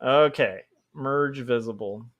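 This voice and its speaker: A man's voice: mid-range voice, takes it slowly, fairly bright tone, dull audio. A young man chatting casually and rambling with lots of fillers while he draws on a livestream. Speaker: livestreaming comic artist.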